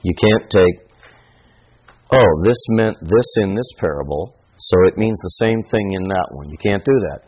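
A man delivers a sermon in a low, husky voice, thinking aloud as he goes. He drops into quick asides, then slows right down to lean on a point. The recording is dull and lo-fi. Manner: conversational, musing aloud, shifting between quick asides and slow emphasis. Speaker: pastor.

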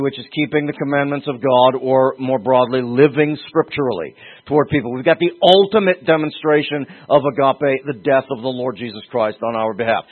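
A man preaching a sermon, emphatic, with sudden leaps in pitch and slowed-down stresses on key words. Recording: husky voice over a tinny phone-like line.

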